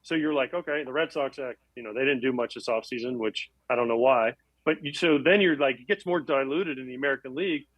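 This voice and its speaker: Brief: quick, chatty male guest, dry close sound, self-mocking storyteller. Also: mid-range voice, a bit bright, no echo, poor audio. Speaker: guest, former baseball catcher. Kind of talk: casual chat.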